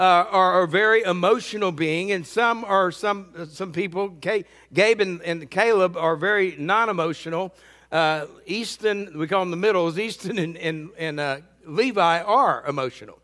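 A man's voice: high-pitched, fairly bright tone, in a large hall. A middle-aged man preaching a sermon as pastor, earnest and often repeating words.

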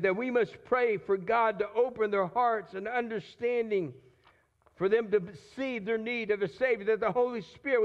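High-voiced man preaching a sermon. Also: highs cut off. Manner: conversational preaching, frequent repeated words and restarts. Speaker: pastor.

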